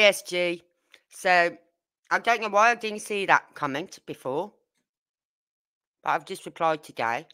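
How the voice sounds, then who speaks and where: Smooth and lowish with a sharp edge, this is a Birmingham woman with a Brummie accent running a true crime channel. She chats casually on her livestream, addressing viewers directly in a blunt, indignant way.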